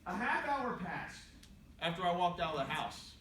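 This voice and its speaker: A high, lively man speaks to a large audience, bouncing between characters as he tells his story. The sound is roomy and distant, with a steady hiss of noise under his voice. He talks like a motivational speaker at a live event. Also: normal speed. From West Virginia. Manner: animated, acts out quotes with voice changes. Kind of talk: inspirational speech with storytelling. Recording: roomy, distant, noisy live hall recording.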